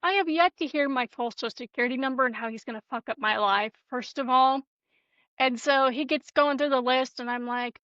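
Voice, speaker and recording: Casting: bright, profane woman podcast co-host, dull, dry lo-fi sound. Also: high-pitched, fairly quick, no echo. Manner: profane, animated storytelling. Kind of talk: casual storytelling chat.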